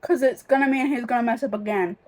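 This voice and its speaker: A woman's voice: fairly high pitch, fast talker, a little mellow. A young woman chatting casually in a reading vlog, emotional and rambling, with many fillers and restarts. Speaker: reading vlogger.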